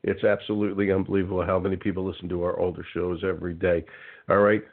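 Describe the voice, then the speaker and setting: A man with a fairly low voice hosts a relaxed radio talk show, rambling along and spelling out web addresses with care. The sound is thin and phone-like. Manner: rambling, chatty, repeats web addresses slowly. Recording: phone-like narrow band.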